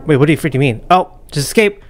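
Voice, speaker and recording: A young man commentating a horror game as he plays, muttering, whispering and panicking with rapid repeats. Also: fairly high pitch, animated, soft background music. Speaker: gaming YouTuber. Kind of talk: live gameplay commentary.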